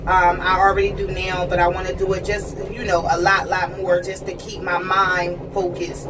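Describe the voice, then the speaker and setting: A woman's voice: on the low side, little pitch movement, normal speed. A woman talking in a casual personal vlog on a train, chatty and earnest, often checking in with "you know what I mean". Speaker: vlogger. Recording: distant mic with train noise.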